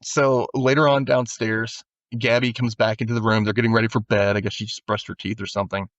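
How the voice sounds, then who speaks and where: A man's voice: lowish voice, a little fast, no room sound, muffled recording. A man hosting a podcast, casually recapping an episode and acting out the characters' lines. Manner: animated retelling, acts out character lines. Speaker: podcast host.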